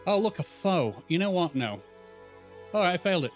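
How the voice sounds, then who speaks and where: A man's voice: high-pitched, big pitch swings, moderate pace, faint music behind. A young man streaming a game, chatting casually and swearing, laughing at the chaos. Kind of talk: casual gameplay commentary.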